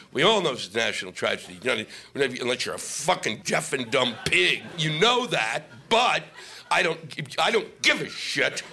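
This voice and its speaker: A man's voice: medium pitch, vocal fry, bright, forceful tone. Ranting, profane male stand-up comic. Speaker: stand-up comedian. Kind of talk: stand-up comedy set. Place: stage before an audience.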